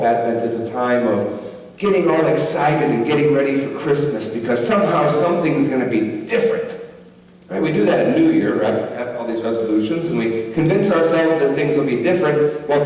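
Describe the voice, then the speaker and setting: A man's voice: medium pitch, brisk, a little mellow, a little hiss or hum. A male pastor preaching a sermon in a conversational, joking way, often checking in with the congregation. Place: large church sanctuary. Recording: echoey church hall, distant mic.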